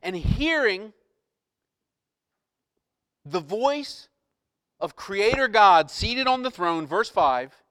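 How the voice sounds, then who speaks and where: A man preaching a sermon as pastor, moving between soft, hushed scripture reading and loud, impassioned preaching. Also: high voice, very animated, unhurried, no room sound, studio quality.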